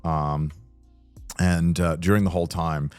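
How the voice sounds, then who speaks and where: A man's voice: low-pitched, steady tone, a little slow, a little mellow, clear, resonant tone, no echo, faint music behind. A man co-hosting a podcast, telling a story in casual chat, rambling and swearing often. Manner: rambling and profane, with frequent fillers and laughter. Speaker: podcast co-host.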